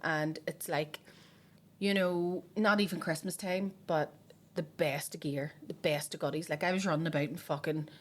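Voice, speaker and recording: A woman hosting a podcast, chatting casually and telling animated stories with plenty of swearing. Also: low-pitched, moderate pace. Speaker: podcast host. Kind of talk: casual chat.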